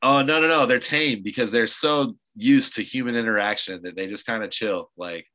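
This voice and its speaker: Here a podcast host with a mid-range, sharp-toned voice talks at normal speed. He's a loose storyteller, wandering casually through anecdotes and leaning on plenty of fillers, and the recording sounds rough.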